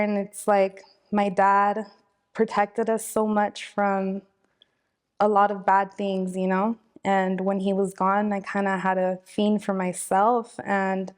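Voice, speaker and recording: A young woman, talking casually and from the heart in an interview, with many fillers. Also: medium pitch. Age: 20s. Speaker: interviewee, victim's daughter. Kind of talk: emotional personal interview.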